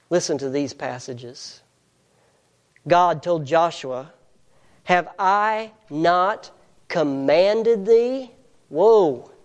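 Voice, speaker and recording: A preacher giving an earnest, emphatic sermon, reading scripture slowly and deliberately. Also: mid-range voice, muffled recording.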